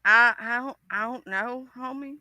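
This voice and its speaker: A woman from the Deep South with a Southern US accent, chatting on a talk stream in a folksy, teasing way. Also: pushed and bright, dry recording. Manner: folksy, teasing, drawn-out explanations. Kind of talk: casual chat.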